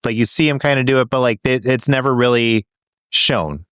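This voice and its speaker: A man's voice: medium pitch, normal speed, fairly bright tone, clear, resonant tone, no room sound. Rambling, hesitant podcast host man. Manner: rambling, hesitant, many fillers and restarts. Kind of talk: casual chat.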